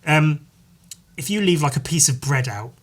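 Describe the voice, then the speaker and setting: A man hosting a solo podcast, rambling in casual chat, swearing freely and filling pauses with "like" and "um". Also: fairly high pitch, lively intonation, fairly bright tone. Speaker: podcast host.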